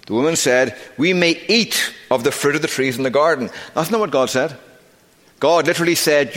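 A middle-aged man preaching a sermon as pastor, emphatic, slowing down to stress key words. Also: on the high side, fairly bright tone. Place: church sanctuary. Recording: long reverb of a church sanctuary.

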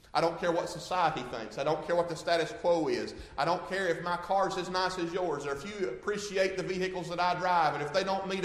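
A man preaching with fervor in a church sanctuary, his fairly high voice swinging between hushed and loud. The sound comes back from a roomy hall with a long reverb trailing each line. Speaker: pastor. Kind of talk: sermon.

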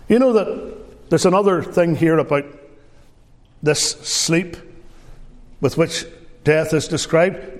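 A man's voice: a little high, a little mellow, long reverb tail. A man preaching a sermon, telling stories with emphasis. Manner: storytelling, emphatic.

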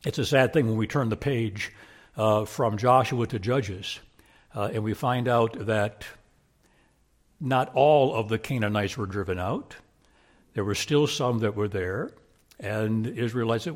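Man, preacher, sermon, husky voice, emphatic, repeats phrases, loud-to-hushed swings. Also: fairly low pitch, measured pace.

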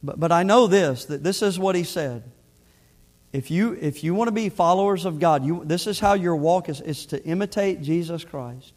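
A man's voice: on the high side, moderate pace, darkish tone. A middle-aged male pastor preaching a sermon in an earnest, conversational way, often restarting his phrases.

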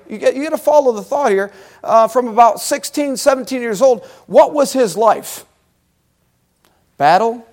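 A man delivers a sermon in a very high voice. He preaches with animation and talks directly to the people in front of him. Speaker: pastor.

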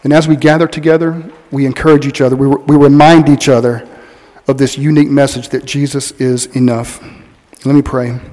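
Pastor preaching in a reverberant hall. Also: male voice, mid-range voice, little pitch movement, mellow. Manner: earnest preaching with slow, weighty emphasis. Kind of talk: sermon. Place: church sanctuary.

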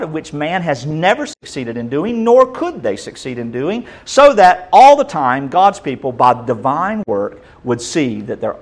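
A male pastor, preaching a sermon and swinging between loud and soft. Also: fairly high pitch.

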